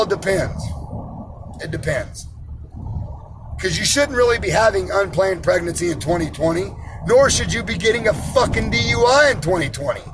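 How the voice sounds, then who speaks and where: A man's voice: high voice, background noise. A man in his forties who works in iron, ranting bluntly and profanely about money and personal responsibility. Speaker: iron worker ranting on camera.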